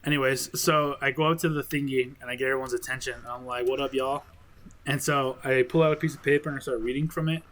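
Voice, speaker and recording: A young man in casual podcast chat, joking and laughing often as he pitches a best man speech. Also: fairly even intonation, fast, hardly any pauses, a bit bright.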